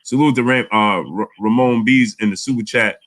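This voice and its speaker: Animated man hosting a boxing stream. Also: medium pitch, normal speed. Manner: animated, repeats words, reads super chats aloud. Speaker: boxing channel host. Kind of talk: casual live-stream chat.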